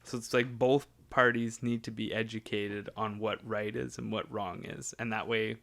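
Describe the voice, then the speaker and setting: A man's voice: fairly low pitch, flat delivery, moderate pace, gravelly, a bit bright. A young man hosting a casual chat, laid-back, laughing often and swearing offhandedly. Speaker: podcast host.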